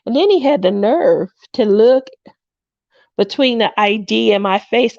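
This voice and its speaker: A woman's voice: medium pitch, expressive, measured pace, a little mellow, no echo, highs cut off. A woman in her fifties hosting a craft livestream, chatting casually and telling stories with frequent laughs, acting out what people said. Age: 50s. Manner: chatty storyteller who laughs often and acts out quotes.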